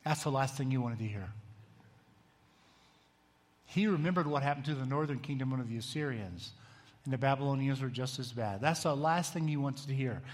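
A man's voice: medium pitch, fairly quick, long pauses. A man giving a conversational bible teaching, often asking the room questions and raising his voice when he reads scripture aloud. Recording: long hall reverb.

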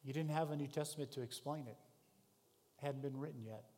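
A man preaching a sermon, telling a vivid story in the second person, rising to shouts and dropping to hushed tones. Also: medium pitch, fairly quick. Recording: long hall reverb.

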